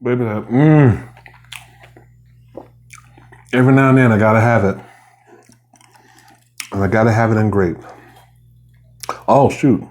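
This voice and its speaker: A man's voice: on the low side, normal speed, pauses often. A man vlogging while he eats, chatting casually and rambling between bites. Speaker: mukbang vlogger. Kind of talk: casual chat while eating.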